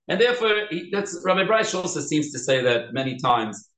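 A man teaching a Talmud class, animated and quick, with many restarts. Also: fairly high pitch. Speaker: Torah teacher. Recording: echoey room.

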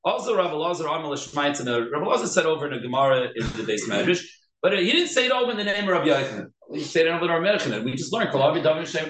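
A man teaching a Talmud class, animated and quick, with many restarts. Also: fairly high pitch. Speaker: Torah teacher. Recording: echoey room.

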